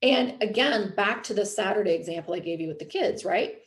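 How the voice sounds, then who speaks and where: A woman's voice: mid-range voice, animated, fairly quick, echoey room. A woman in her thirties, host and coach, talking casually and filling her speech with "like" and "you know". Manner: chatty, frequent "like" and "you know". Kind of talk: casual podcast talk.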